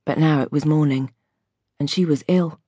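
A woman's voice: low-pitched, steady tone, mellow, slightly rough, no echo, studio quality. Woman narrating a gritty audiobook. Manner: measured, vivid storytelling.

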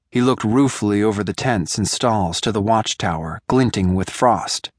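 Deep-voiced man narrating an audiobook. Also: dry recording, studio quality. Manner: measured, deliberate storytelling. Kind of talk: scripted narration.

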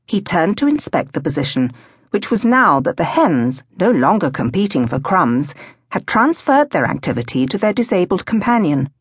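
A woman reading a novel aloud as an audiobook narrator, in a measured way. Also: fairly low pitch, very animated, husky, no room sound, clean studio sound. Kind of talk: scripted narration.

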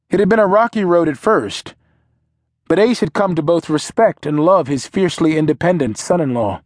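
Measured male audiobook narrator. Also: on the high side, no echo, studio quality. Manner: measured, steady storytelling. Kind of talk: scripted narration.

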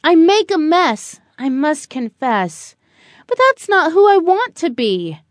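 A woman's voice: extremely high pitch, very animated, slow pace, no echo, studio quality, voice pushed up, exaggerated voice. A woman voicing a small, sweet, earnest girl who keeps spilling things, in an eager, sing-song childlike manner.

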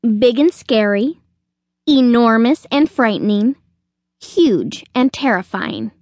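A woman's voice: fairly high pitch, animated, takes it slowly, a little mellow, no echo. A tough little chick detective, voiced by a woman reader talks in a blunt, no-nonsense way. Her voice is raised and bouncy, and she takes her time. The recording is dry and close. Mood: brusque. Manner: brusque, no-nonsense.

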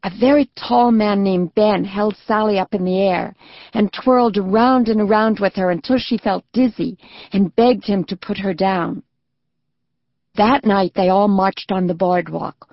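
A woman narrating a children's audiobook in a gentle, even storytelling manner. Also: medium pitch, a little slow, no room sound, lo-fi sound. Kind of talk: scripted narration.

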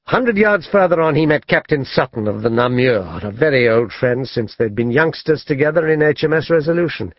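A man reading an audiobook as narrator in a measured, even storytelling manner. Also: a little high, no room sound. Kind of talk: scripted narration. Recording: dull lo-fi dry studio audio.

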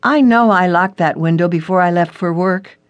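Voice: medium pitch, moderate pace, lightly acted. A narrator voicing a frightened young woman, a college student, in an audiobook story, reading her lines anxiously.

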